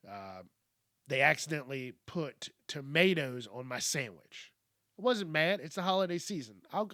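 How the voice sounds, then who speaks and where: A man hosting a podcast, telling a story in a casual, animated, profane and wry way. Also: on the high side, no echo, studio quality. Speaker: podcast host.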